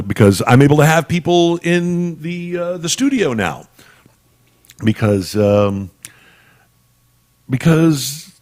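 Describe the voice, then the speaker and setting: A man's voice: lowish voice, a little mellow. A man hosting a podcast from a studio, rambling and joking with many restarts. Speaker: podcast host. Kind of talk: casual chat. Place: home studio. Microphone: studio mic on camera.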